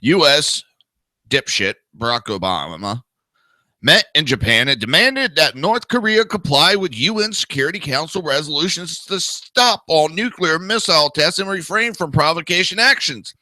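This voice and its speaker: A man in his thirties rants crude, profane and sarcastic commentary as a talk show host. His pitch swings widely as he talks. The tone is very bright and sharp, and the close mic is dry. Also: animated, moderate pace, dry recording. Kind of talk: ranting commentary.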